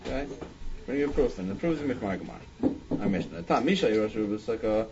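A man's voice: medium pitch, lively intonation, fast, muffled recording, heavy background noise. A man leading a Talmud study class, thinking aloud with frequent restarts and "I mean". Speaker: Talmud teacher.

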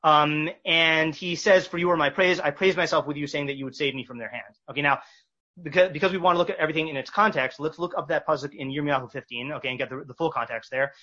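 A man teaching a text study class, reading verses slowly and explaining them with many fillers and restarts. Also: fairly high pitch, pushed and bright. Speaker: Torah teacher. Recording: dull lo-fi recording.

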